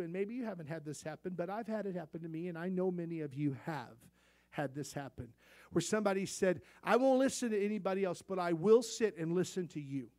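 A middle-aged man with a fairly high voice delivers a church sermon. He tells homespun stories in a conversational way and builds to loud, emphatic peaks. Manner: folksy storytelling, rising to emphatic peaks. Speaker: pastor.

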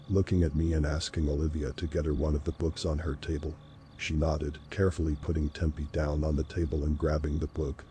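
A man reading a first-person horror story aloud in a steady, unhurried narration. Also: extremely low pitch, slight background noise. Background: faint background music.

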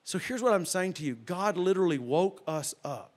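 A middle-aged man preaching a sermon as a folksy, animated storyteller who drops to a hush for quoted voices. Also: high voice, normal speed. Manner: folksy, animated, with loud sound effects and hushed quoted voices. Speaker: pastor.

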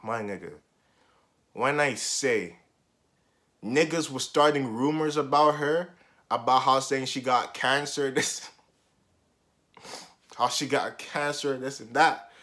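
A young man telling a story from his school days in a casual vlog, animated and full of slang and swearing, jumping between loud outbursts and muttered asides. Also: mid-range voice, slow pace, long pauses.

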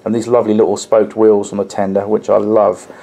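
A man's voice: fairly low pitch, level tone, brisk, gravelly, mellow. A man reviewing a model locomotive in a casual, chatty way, with frequent ums and restarts as he explains details hands-on.

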